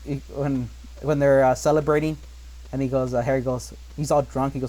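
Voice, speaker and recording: A man's voice: medium pitch, flat delivery, fairly quick, dark tone, poor audio. A man hosting a casual podcast, swearing freely and laughing often. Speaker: podcast host. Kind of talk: casual chat.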